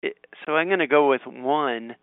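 A man reading quiz questions aloud and thinking out loud in casual chat, with frequent ums and restarts. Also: medium pitch, moderate pace, smooth, dry recording. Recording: tinny phone-like audio.

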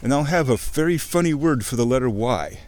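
A man talking in a rambling, excitable casual monologue while walking outdoors by a creek, interrupting himself and swearing casually. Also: medium pitch, a little fast. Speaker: vlogger.

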